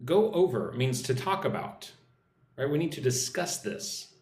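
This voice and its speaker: A man's voice: medium pitch, big pitch swings, measured pace, darkish tone, roomy sound. A man from the United States teaching an English lesson on a live stream, drilling phrases, reading out viewer comments and checking in with "right?". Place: indoors, in Vietnam.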